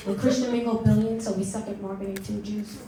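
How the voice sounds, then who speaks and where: A woman's voice: medium pitch, fairly even intonation, fast talker, mellow, slight background noise. A middle-aged woman doing a brash, self-mocking stand-up set in a comedy club. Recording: echoey club with audience laughter.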